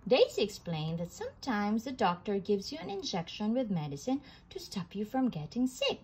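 A woman reading a children's storybook aloud in a gentle, expressive way. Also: mid-range voice, moderate pace, few pauses, slight background noise, low-quality recording.

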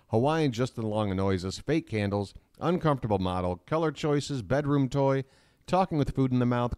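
A man hosting a live stream from home, talking straight to his chat in a rambling, hurried way. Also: mid-range voice, a little mellow, no echo, studio quality.

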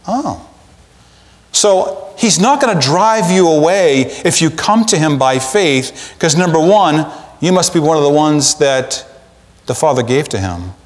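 A man preaching a sermon as pastor, in an animated, conversational way with acted asides, in a church sanctuary. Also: fairly high pitch. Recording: long church reverb.

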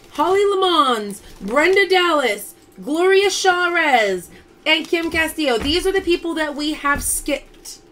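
A woman's voice: extremely high pitch, fairly bright tone, a little hiss or hum. A woman hosting a casual live-stream pearl sale from home, chatting and reading out viewer names as she calls results.

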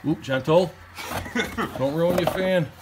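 A man hosting casual chat in a garage while working on a truck, animated and joking, laughing often. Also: on the high side, slow pace, noisy background. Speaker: host. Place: home garage.

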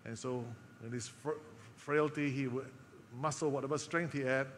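A man preaching a sermon, telling a story with emotional pauses and dropping to a soft voice for quoted lines. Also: medium pitch, steady tone, in a large hall, a little hiss or hum. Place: church hall.

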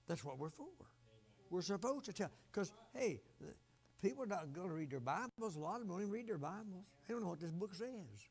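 An older man preaching a fiery revival sermon, swinging from shouts down to quiet, low asides. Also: lively intonation, brisk.

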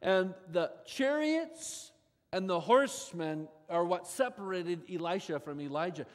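A pastor preaching a sermon, his delivery expressive, with his voice often rising suddenly in pitch and volume. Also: unhurried. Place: large church sanctuary. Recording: long church hall reverb.

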